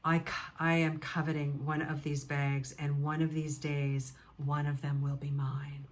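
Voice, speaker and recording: Chatty woman host, low voice, gushes as she recommends, lots of ums. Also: level tone, unhurried. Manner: chatty and gushing, with many fillers. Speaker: knitting podcast host. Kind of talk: casual chat to camera.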